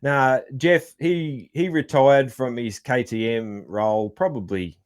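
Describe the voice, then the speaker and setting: A man's voice: medium pitch, slow pace. An Australian man hosting a casual podcast interview, rambling with many fillers and restarts and laughing easily. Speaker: podcast host.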